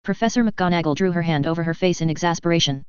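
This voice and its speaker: A narrator giving a steady, even audiobook reading of a story. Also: medium pitch, fast talker, smooth, dry recording. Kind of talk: audiobook narration of fan fiction. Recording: dry, slightly dull audio.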